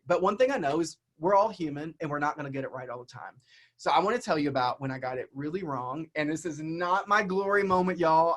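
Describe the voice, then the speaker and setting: A man from the American South giving a keynote over a video call, telling a story to his audience and calling them y'all. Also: a little high. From Southern United States. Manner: animated, chatty, addresses audience as y'all. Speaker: keynote speaker.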